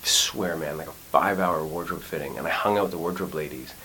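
Deep, low middle-aged actor, animated interview storyteller; faint hiss. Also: male voice, fast, low-quality recording. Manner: animated, acts out quotes, lots of restarts. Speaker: actor and acting teacher. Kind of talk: casual interview conversation. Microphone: studio mic.

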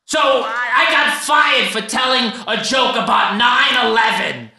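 A man playing a loud, abrasive comedian character who yells constantly. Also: very high-pitched, measured pace, vocal fry, very echoey, background noise, heavily acted. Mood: yelling. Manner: yelling, abrasive, squinting screech. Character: loud screechy male comedian's great-great-grandson. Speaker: comedy podcast guest character.

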